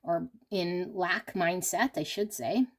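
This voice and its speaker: A woman's voice: lowish voice, slow. A woman reading tarot cards for a love reading, talking in an earnest, coaching way with frequent "you know" and "okay?". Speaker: tarot reader. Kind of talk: intuitive tarot reading monologue.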